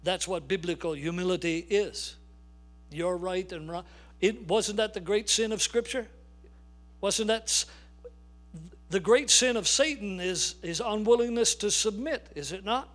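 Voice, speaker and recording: An older man preaching a sermon as a pastor, emphatic, slowing down to stress key words. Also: sits high, fairly bright tone.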